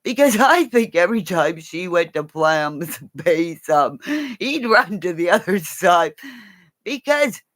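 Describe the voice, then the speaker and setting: A woman's voice: fairly low pitch, expressive, unhurried, a bit bright, dry recording. A woman chatting on a livestream, rambling from one thought to the next, laughing often and swearing now and then. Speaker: livestream host. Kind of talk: casual livestream chat.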